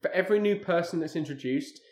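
A man's voice: a little high, fast, roomy sound. A man in casual chat, critiquing a film with wry, exasperated remarks.

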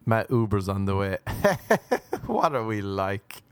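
A man's voice: lowish voice, very animated, slow pace, clear, resonant tone, no room sound. A man hosting a podcast, riffing in a crude, sarcastic comedic monologue full of mocking impressions. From abroad, living in America. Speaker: podcast host.

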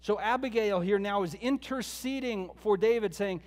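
Guy with a high voice giving a sermon, chatty storytelling, lots of reverb. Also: moderate pace, few pauses, a little mellow. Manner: conversational storytelling, retelling scripture with asides. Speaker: pastor.

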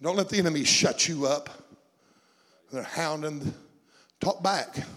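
A man's voice: on the high side, measured pace, a bit bright, in a large hall. A man preaching a sermon in a fervent, rhythmic way, stacking repeated phrases.

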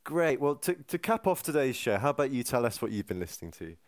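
A man's voice: mid-range voice, big pitch swings, quick pace. A man hosting a comedic podcast, speaking with frequent hesitant restarts and fillers. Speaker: podcast host.

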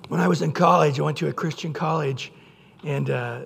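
High gravelly preacher in a reverberant hall. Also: male voice, brisk. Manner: earnest preaching, bursts into loud acted quotes. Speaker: pastor. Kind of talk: sermon.

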